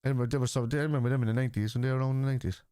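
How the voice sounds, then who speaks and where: A man's voice: mid-range voice, fairly even intonation, very fast, mellow, clean tone. A man, chatting live on a football stream, blunt and argumentative with viewers. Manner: blunt and argumentative, swears freely. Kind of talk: casual live-stream chat, answering viewers.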